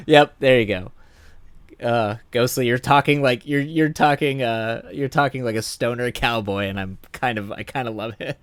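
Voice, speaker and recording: A man's voice: medium pitch, measured pace, fairly bright tone, clear, resonant tone, no echo. A man hosting a livestream, chatting loosely with viewers, rambling with lots of fillers and frequent laughs. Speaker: livestream host. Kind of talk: casual chat reading viewer comments.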